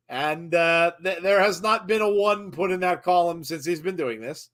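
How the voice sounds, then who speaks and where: A man's voice: high-pitched, moderate pace, few pauses. Chatty man calling wrestling live. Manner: chatty, laughs often, reads viewer comments; bursts into excited shouting. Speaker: host. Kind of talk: live wrestling watch-along commentary.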